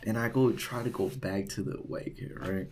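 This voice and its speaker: A young man working as a resident assistant tells a storytime vlog in a casual, animated way, full of "like" and "right?". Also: fairly low pitch, moderate pace. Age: young adult. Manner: animated retelling, heavy use of "like" and "right?".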